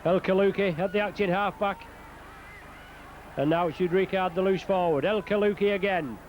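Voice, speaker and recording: High-voiced male rugby commentator, brisk play-by-play. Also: steady tone, slight background noise. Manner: brisk play-by-play calling names, lifting at scoring moments. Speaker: rugby league match commentator. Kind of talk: live play-by-play sports commentary.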